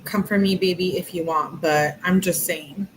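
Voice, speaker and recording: A woman's voice: on the low side, steady tone, normal speed, slight background noise, low-quality recording. A woman giving casual true-crime commentary, talking bluntly and candidly to her viewers in slangy asides. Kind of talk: casual commentary reading text messages.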